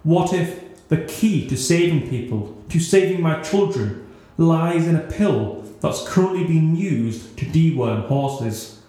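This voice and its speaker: A man's voice: fairly high pitch, animated, measured pace, warm tone. A man reading the part of a tipsy, defiant female doctor who slurs in outrage, in a very echoey room. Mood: outraged. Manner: slurring, outraged.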